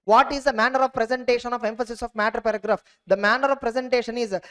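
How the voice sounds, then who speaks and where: A man giving an exam revision lecture on auditing, repeating points and checking "clear?" with students. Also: extremely high pitch, fairly even intonation, racing, sharp tone. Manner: repetitive, quizzing students with "clear?".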